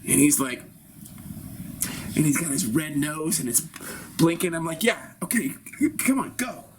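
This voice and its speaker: Man acting crude macho barbershop regular, bossy lecturing, high voice, faint hiss. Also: expressive, measured pace. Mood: swaggering. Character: brash swaggering male barbershop regular, crude. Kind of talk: improvised comedy scene.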